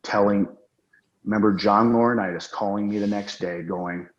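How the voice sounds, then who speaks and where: Guy with a lowish voice rambling thru swear-heavy stories, roomy muffled audio. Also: steady tone, moderate pace. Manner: candid, profane, rambling anecdotes. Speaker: interview guest. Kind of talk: casual storytelling interview. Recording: roomy, dull lo-fi sound.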